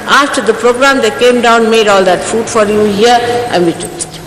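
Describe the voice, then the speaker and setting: A woman in her sixties, her voice a little high, fairly bright, and at normal speed, scolds her followers as their spiritual teacher. She sternly admonishes them with pointed rhetorical questions. The echoey hall carries a faint hiss.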